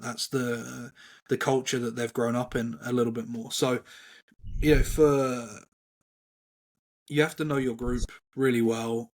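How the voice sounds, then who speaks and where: Calm, flat-toned male coach. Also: medium pitch. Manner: measured, calm, even-toned. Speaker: volleyball coach, interview guest. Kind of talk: reflective interview answers.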